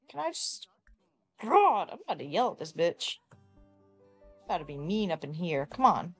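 A woman's voice: lowish voice, big pitch swings, normal speed, long pauses, faint music behind. A woman giving casual gameplay commentary, exasperated, swearing often and talking at her characters. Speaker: gamer.

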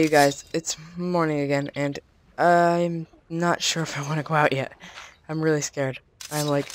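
A woman's voice: low-pitched, slight background noise. A woman hosting a let's play, giving jittery gameplay commentary, exclaiming often and talking to her viewers.

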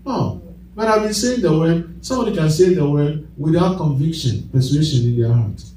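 A man's voice: fairly high pitch, moderate pace, warm tone, a little hiss or hum. A man preaching a sermon, leading his congregation in call-and-response and breaking into bursts of laughter as he tells stories. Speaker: pastor. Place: church. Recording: echoey church hall, distant mic.

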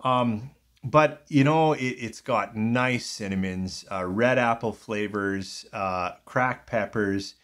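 A man with a lowish, fairly bright voice slowly reviews whiskies in a casual way. He thinks aloud and rambles, with plenty of fillers and restarts.

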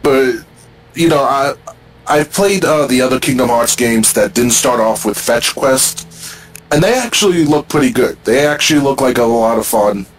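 A man of middle pitch hosting a casual gaming podcast, talking things over with many pauses and a steady, opinionated tone. Faint noise sits under his voice. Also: low-quality recording. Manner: conversational, hesitant with fillers, opinionated. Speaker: podcast host.

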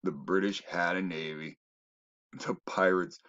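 A man talking in a rambling, casual monologue that drops to low mutters and jumps to loud exclamations. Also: fairly even intonation, measured pace, long pauses, lo-fi sound. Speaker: video commentator.

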